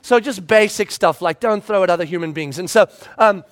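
A middle-aged male pastor delivers a sermon in a strikingly high voice. He tells family stories with energy, acting out the voices and raising to a shout for emphasis. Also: a little fast. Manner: animated storytelling, acts out voices and shouts for effect.

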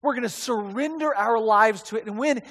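Male pastor, high voice, animated conversational preaching, big reverberant hall. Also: moderate pace. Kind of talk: sermon.

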